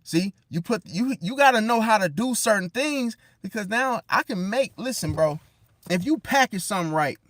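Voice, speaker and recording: A man giving casual relationship advice straight to the listener, slangy, calling them bro and swinging between loud and hushed. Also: high voice, animated, moderate pace, dry recording, studio quality. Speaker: zodiac relationship commentator. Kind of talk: casual direct-to-camera advice rant.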